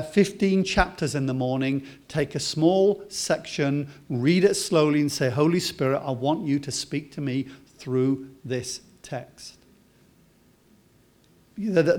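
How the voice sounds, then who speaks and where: A British man delivers a sermon in a slightly higher-pitched voice. He swings between loud, emphatic lines and soft, slow, drawn-out words. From Britain. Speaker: preacher.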